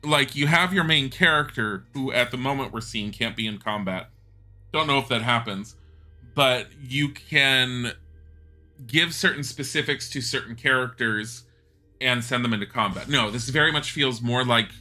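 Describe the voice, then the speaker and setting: A man's voice: mid-range voice, pushed and bright. A man who streams games, giving blunt, chatty commentary, thinking aloud and swearing now and then. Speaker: game streamer. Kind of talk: casual gameplay commentary.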